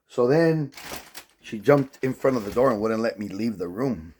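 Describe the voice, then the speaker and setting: A man's voice: mid-range voice, animated, normal speed, a little mellow, a little hiss or hum. A man talking straight to camera in a casual vlog, telling a rambling story in an agitated way and swearing constantly. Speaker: vlogger.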